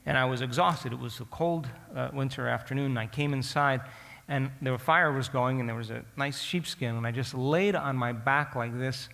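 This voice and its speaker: A man's voice: medium pitch, moderate pace, vocal fry, a bit bright, long reverb tail. A man telling a story to an audience as a lesson. He asks them direct questions and acts out his own past thoughts. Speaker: speaker teaching an audience. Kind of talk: storytelling lecture.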